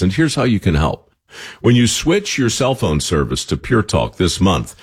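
Husky guy reading an ad, dry humor, lively delivery. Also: sits low. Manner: wry, conversational. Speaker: ad narrator. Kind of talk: read radio ad.

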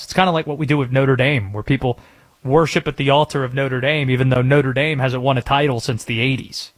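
A man's voice: mid-range voice, expressive, normal speed, a bit bright. A man hosting a sports talk radio show, sarcastic and mocking in an opinionated rant.

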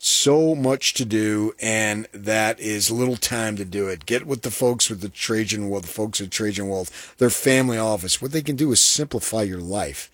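A man's voice: lowish voice, normal speed, few pauses, dry recording, studio quality. A man giving a casual, folksy radio ad read, chatty and repetitive. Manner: conversational, folksy, repeats points. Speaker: radio ad pitchman.

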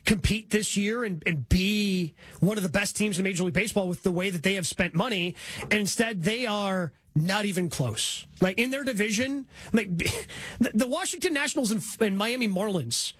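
A man hosts a sports talk show in a relaxed, conversational way, steering the talk between guests. His voice sits high and has a husky edge. The sound is dry and close. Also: moderate pace, no echo. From based in Milwaukee. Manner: conversational, leading the discussion.

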